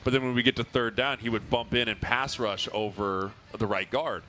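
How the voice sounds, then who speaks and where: A man co-hosting a podcast live on stage, telling animated stories in casual chat. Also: mid-range voice, moderate pace, slight background noise. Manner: storytelling, animated. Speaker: podcast co-host, former lineman. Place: outdoor fair stage. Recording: live event with faint ambience.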